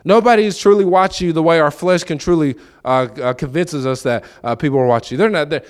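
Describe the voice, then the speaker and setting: A man with a slightly high voice preaches at a quick pace in a conversational sermon. He acts out the dialogue of his stories, his own and other people's, and frequently repeats important phrases for emphasis.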